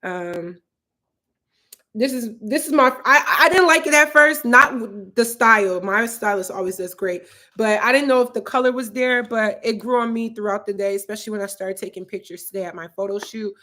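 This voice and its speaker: A bright, forceful, fairly high-pitched woman's voice at normal speed. She's a Philadelphia YouTuber in her twenties, hosting a livestream from her apartment, where she chats and rambles while reading viewer comments aloud, saying "like" and "um" a lot.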